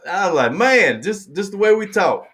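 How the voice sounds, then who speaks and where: A man's voice: sits high, very animated, normal speed, fairly bright tone. Laid-back Southern man hosting a chat. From American South. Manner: laid-back, chatty, laughs often, repeats phrases. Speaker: host. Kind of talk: casual live-stream chat.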